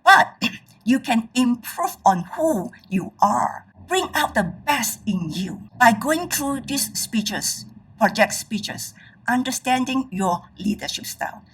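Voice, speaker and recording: A woman's voice: on the high side, animated, slow pace, fairly bright tone, slightly rough, far from the mic, low-quality recording. A woman giving a presentation on public speaking as a trainer. She speaks emphatically and keeps checking in with her audience.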